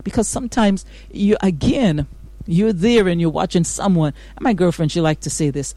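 A woman's voice: on the low side, normal speed, mellow, no room sound. A woman hosting a morning devotional radio show, greeting listeners and preaching with exuberant praise and amens. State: out of breath. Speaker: radio host.

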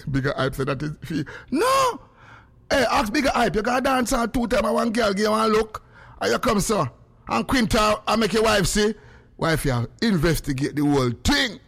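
A middle-aged man with a Jamaican accent, chatting casually as a radio host in patois, now and then breaking into song or a shout. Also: sits high, moderate pace, gravelly, breathy edge. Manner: patois, animated, bursts into singing and shouting.

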